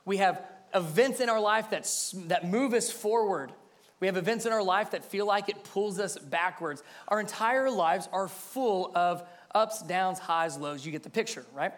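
Male pastor, high-pitched, earnest emphatic sermon delivery with repeated phrases. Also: moderate pace. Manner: earnest, speaks directly to the listeners.

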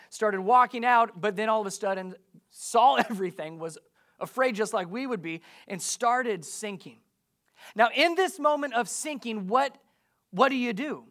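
A man's voice: high-pitched, animated, moderate pace, a bit bright. A man preaching a sermon as a pastor, emphatic and full of rhetorical questions to his listeners.

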